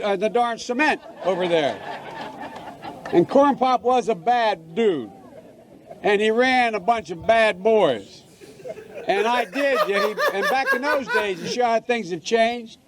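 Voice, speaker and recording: An older man tells a long, meandering anecdote in public. His voice is notably high for a man, and he keeps correcting himself and losing the thread in the middle of phrases. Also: lively intonation, unhurried, background noise. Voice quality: meandering, self-correcting, trailing off mid-phrase. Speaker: politician speaking to a crowd. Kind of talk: rambling anecdote.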